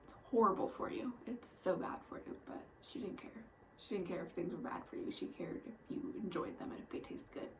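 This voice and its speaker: Young woman vlogger, hushed and halting, emotional, faint hiss behind her. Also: fairly low pitch, rough recording. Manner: soft-spoken, often near a whisper, halting. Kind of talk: personal storytelling vlog.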